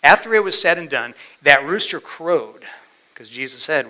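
A male preacher giving a dramatic sermon, swinging from loud declarations down to whispers. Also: fairly high pitch, lively intonation, moderate pace, poor audio.

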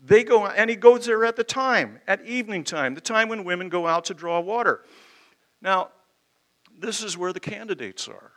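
A man delivers a sermon in a conversational but emphatic way, firing off rhetorical questions and homely asides. His voice is bright and sits a little high for a man, with a lively edge. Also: normal speed. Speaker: preacher. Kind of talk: expository sermon.

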